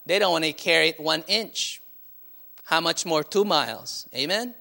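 A man's voice: on the high side, animated, normal speed, gravelly, sharp tone. A man preaching a sermon as pastor, with frequent call-and-response and light laughter. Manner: call-and-response, asking "Amen?" and laughing often.

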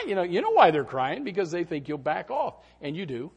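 A middle-aged man delivers a sermon with a lively, swooping voice pitched a little high. He moves between quiet reflection and animated storytelling, and he shouts the lines he quotes. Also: brisk, hardly any pauses, breathy edge. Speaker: pastor.

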